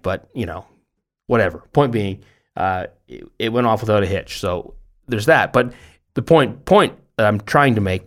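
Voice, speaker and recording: A middle-aged man hosting a podcast in casual chat, rambling and self-deprecating, often stumbling over his words. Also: fairly low pitch. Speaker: podcast host.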